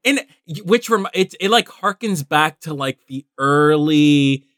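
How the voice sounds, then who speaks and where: A woman co-hosting a casual podcast chat, expressive, reacting with gasps and laughs. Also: low voice, a little slow, no room sound, clean studio sound. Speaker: podcast co-host.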